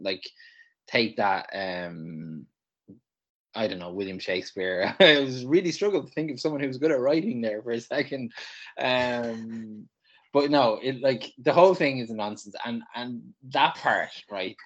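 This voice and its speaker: Man, podcast co-host, husky, lowish voice, emphatic casual explaining. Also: fairly bright tone, muffled recording. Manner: emphatic, explanatory, checks in with "right?" and "okay?". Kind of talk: casual chat.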